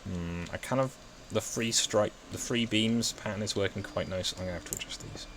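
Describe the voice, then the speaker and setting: A man with an English Midlands accent talks through his building plans in a low, easygoing voice. He rambles, corrects himself and mocks his own mistakes. Faint background hiss and keyboard clicks sit under his voice. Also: fairly quick. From England, West Midlands. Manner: rambling, self-mocking, thinks aloud while building. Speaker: gaming video host. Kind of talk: casual gameplay chat.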